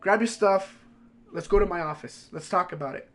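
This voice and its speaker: A man voicing a calm, kindly male school administrator who speaks in an easygoing, low-key way. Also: normal speed. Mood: calm, concerned.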